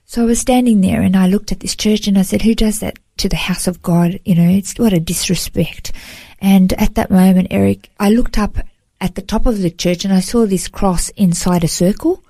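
An Australian woman appears as a guest to share a heartfelt personal testimony, telling her story earnestly and emotionally and often saying "you know." Her voice is medium-pitched and dark, with fairly even intonation at a normal speed, and there's no room sound.

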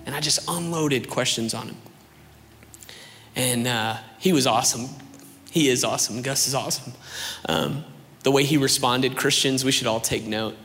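A young adult man giving a sermon testimony in a chatty, storytelling way with animated asides. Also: medium pitch, moderate pace, long pauses. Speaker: preacher. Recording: reverberant hall with faint ambience.

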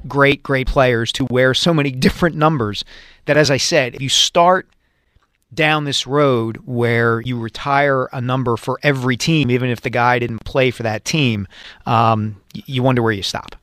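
A man co-hosts sports talk radio, explaining at length in a measured, even voice. The sound is dry and close to the mic. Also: mid-range voice, no echo.

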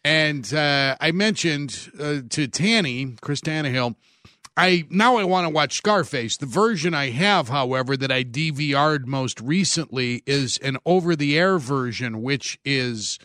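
A man's voice: fairly high pitch, a little slow, no echo, studio quality. A man hosting a sports radio show, bantering casually, laughing often as he tells stories. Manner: laughs often, lively storyteller. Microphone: studio microphone.

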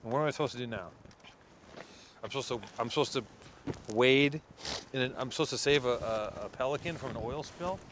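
A man's voice: medium pitch, a bit bright, slight background noise. A man from Los Angeles, co-hosting a podcast, complaining sarcastically to his friend on an outdoor hike. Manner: exasperated, sarcastic, quick complaints. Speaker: podcast host. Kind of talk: casual chat outdoors.

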